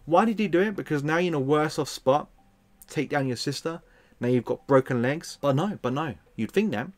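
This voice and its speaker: A man giving a casual, sarcastic film review, animated and exasperated as he rants. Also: fairly high pitch, brisk.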